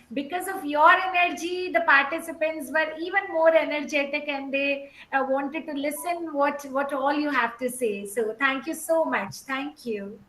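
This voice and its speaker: A woman's voice: high-pitched, sharp tone, echoey room, poor audio. A woman moderating a webinar over a video call, introducing speakers in an effusive manner with hesitant fillers.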